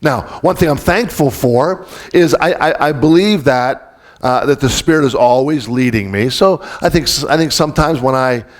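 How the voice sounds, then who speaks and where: A man's voice: medium pitch, normal speed. A man preaching a conversational sermon as pastor. He talks informally, restarts sentences often and keeps asking the congregation questions.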